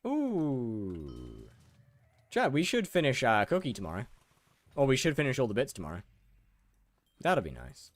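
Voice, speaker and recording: A young British streamer chats casually with viewers while gaming, often stammering and repeating words. His medium-pitched voice swings hugely in pitch, and he speaks at a measured pace with frequent pauses. The recording is dry.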